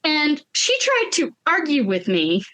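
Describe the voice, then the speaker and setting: A woman co-hosting a podcast, telling a story, animated and acting out the voices of the people she quotes. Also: high-pitched, measured pace. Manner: animated, acts out quoted voices, laughs often. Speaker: podcast co-host. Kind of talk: casual storytelling chat.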